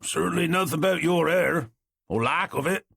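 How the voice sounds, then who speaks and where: A man voicing a male criminal with a rasping voice, teasing his partner in rough slang. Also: on the high side, normal speed, a bit bright, no room sound, clean studio sound, pitched above the performer's own voice, exaggerated voice.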